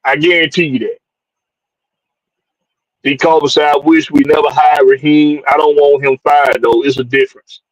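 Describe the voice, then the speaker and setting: A man's voice: on the high side, fairly even intonation, normal speed, pauses often, dry recording, low-quality recording. A man from hosts a casual live-stream sports show, loose and jokey, reading out viewers and tossing in "man" all the time. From Georgia, USA. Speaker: podcast host.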